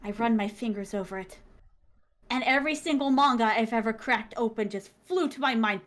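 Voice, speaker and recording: Woman, interview guest, excitable storyteller, slightly high voice, acts out quotes. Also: a little fast. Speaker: interview guest, manga creator. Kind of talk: animated storytelling.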